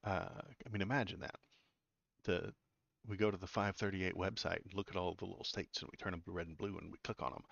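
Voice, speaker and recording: Deep, gravelly man, blunt and sarcastic. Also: fairly bright tone, no room sound, lo-fi sound. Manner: blunt and sarcastic, stumbles over words. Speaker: political commentary host. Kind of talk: casual political commentary.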